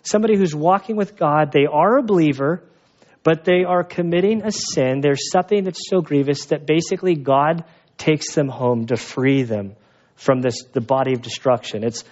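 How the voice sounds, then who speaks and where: A pastor giving a sermon, telling stories in a conversational, animated way. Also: male voice, fairly high pitch, highs cut off. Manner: conversational storytelling with animated asides.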